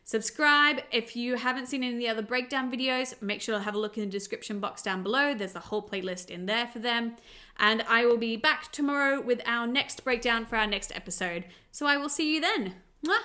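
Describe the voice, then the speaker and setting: A woman's voice: on the high side, fairly quick, pushed and bright. An Australian woman, a parent, chatting in an upbeat way as she breaks down a cartoon episode. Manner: chatty and upbeat, laughs easily. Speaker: show reviewer and parent. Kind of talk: casual episode breakdown vlog.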